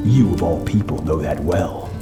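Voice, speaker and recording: An actor playing a stern, aloof master swordsman who speaks slowly and gravely to his student, in a game cutscene. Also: deep voice, close to an everyday voice. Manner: slow, grave and unyielding. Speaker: teacher of a young student. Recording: echoey game audio over music. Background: music.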